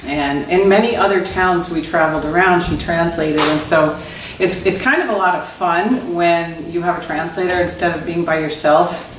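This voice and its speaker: A woman's voice: lowish voice, normal speed. Woman telling funny stories in an echoey hall. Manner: laughing often while telling anecdotes. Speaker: Zen teacher. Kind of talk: storytelling talk. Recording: echoey room, distant mic, noisy.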